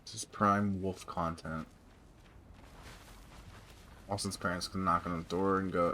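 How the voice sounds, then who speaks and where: A man's voice: low voice, level tone, measured pace, pauses often, bright, forceful tone, a little hiss or hum. A young man, a streamer, chatting and joking casually while playing a game. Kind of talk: casual live-stream commentary.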